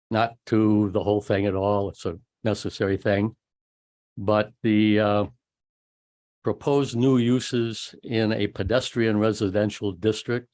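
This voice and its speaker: A man giving a measured public comment at a city council meeting, pausing often with "uh". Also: on the low side, darkish tone. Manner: measured, many "uh" pauses.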